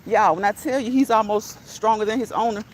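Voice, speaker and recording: On an outdoor walk around her neighborhood, a woman runs an easygoing live stream, reading the chat aloud, chatting with her audience, and laughing frequently. She speaks at medium pitch, slightly quickly, over a bit of background noise.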